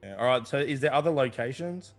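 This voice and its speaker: A man at mid pitch plays a tabletop game in an easygoing, dry voice. Faint music sits underneath. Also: fast. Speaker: player. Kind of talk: casual tabletop play.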